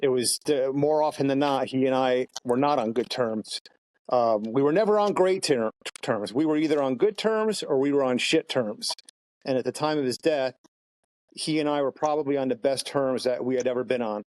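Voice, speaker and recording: A man's voice: mid-range voice, darkish tone, rough recording. Man speaking in a reflective way. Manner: reflective, measured. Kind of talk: casual chat.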